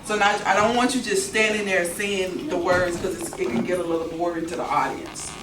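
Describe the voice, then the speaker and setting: A woman's voice: on the low side, fairly even intonation, fairly quick. Distant woman coaching actors, roomy noise. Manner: instructive, repeating "okay?" to check understanding. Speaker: film director. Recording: roomy, distant mic, clear background noise.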